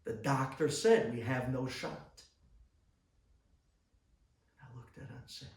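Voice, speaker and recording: A rabbi delivers an inspirational talk, telling stories dramatically and swinging between loud bursts and hushed asides. His mid-range male voice moves slowly with frequent pauses, recorded from a distance in an echoey room.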